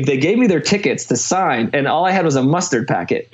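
A man's voice: a little high, quick pace, few pauses. Young chicago guy rambling through a story on a podcast, lots of likes and ums, kinda muffled lo-fi sound. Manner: rambling, filler-heavy, animated storytelling. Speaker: podcast guest. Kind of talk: casual storytelling.

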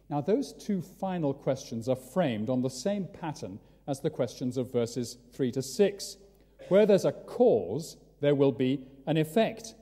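A man preaching a sermon in a large church, telling it with lively, dramatic storytelling. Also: mid-range voice, unhurried, breathy edge. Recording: long church reverb.

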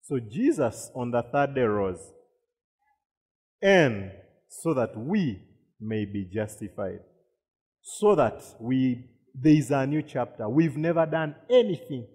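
Pastor preaching in a reverberant hall. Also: male voice, medium pitch, very animated, takes it slowly, pauses often, darkish tone, husky. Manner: repeats words, asks the congregation questions. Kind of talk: sermon.

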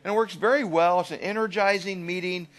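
A man giving a live lecture to an audience as an agile trainer, animated and often checking in with "right?". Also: high voice, brisk.

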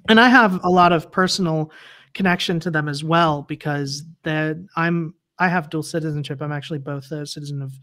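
A woman's voice: low voice, fairly quick, fairly bright tone. A woman guest on a livestream interview, chatting casually and laughing often as she explains things.

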